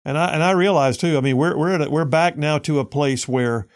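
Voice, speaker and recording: A man's voice: fairly high pitch, a little fast. A man hosting a conservative talk radio show, reading listener messages aloud and giving blunt, opinionated commentary with frequent restarts.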